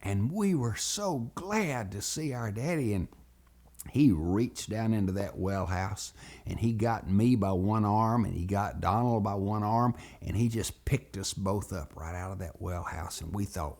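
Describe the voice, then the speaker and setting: A man's voice: lowish voice, a little slow. A man telling a childhood story as a lesson for children, acting out every voice. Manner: animated, acts out voices.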